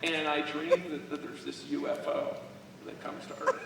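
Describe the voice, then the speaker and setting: A man's voice: fairly high pitch, huge pitch swings, moderate pace, vocal fry, noisy background. A man speaking live on stage to a crowd, telling rambling, joking stories about his life. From Alaska. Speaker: motivational speaker. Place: large event hall. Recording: echoey hall recorded from far off.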